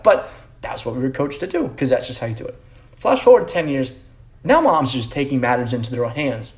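A young adult man hosting a podcast, ranting casually with sarcasm and lots of swearing, tagging his points with "right?". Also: fairly high pitch. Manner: profane, sarcastic, rambling with frequent "right?". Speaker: podcast host. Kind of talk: casual rant.

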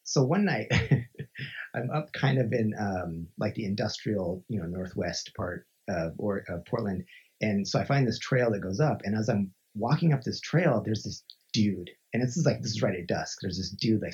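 A man from Montana, a podcast guest, telling a story in a lively, conversational way and acting out the voices he quotes, with many filler "like"s. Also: lowish voice, moderate pace, slightly rough. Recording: dull lo-fi recording.

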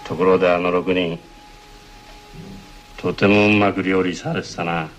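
An actor playing a sly, gruff man in a samurai film who questions someone with insinuating remarks. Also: low-pitched, level tone, fairly quick, soft background music, natural voice.

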